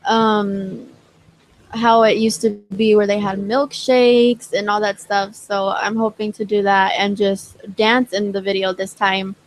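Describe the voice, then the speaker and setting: A young woman singer talks through her plans in an interview, pausing often with ums and likes. Her voice is mid-pitched, and a faint hiss sits under the recording. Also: flat delivery, poor audio. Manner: hesitant, many fillers. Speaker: singer guest.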